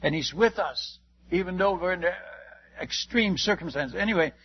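A man's voice: sits high, lively intonation, moderate pace, breathy edge, highs cut off. A man, a missionary, telling his testimony as a sermon to a congregation, in an emphatic storytelling manner and asking his listeners direct questions.

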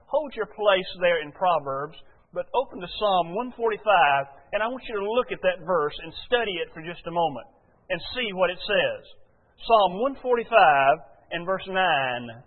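High-pitched preacher guy asking the congregation stuff, lots of uh's, reads verses slow, tinny phone-ish sound with big church echo. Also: animated. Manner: conversational, asks congregation questions, many "uh" fillers; slow and deliberate reading scripture aloud. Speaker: pastor. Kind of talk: sermon. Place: church sanctuary before a congregation.

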